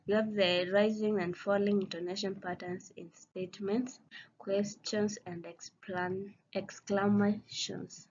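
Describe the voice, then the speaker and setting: A woman teacher reads a phonetics course outline in a slow, careful, halting way, often breaking off to restart a word. Her voice sits at a middle pitch. The recording is a bit dull and lo-fi, with a faint hiss behind her. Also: darkish tone. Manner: slow, halting reading with frequent restarts on words.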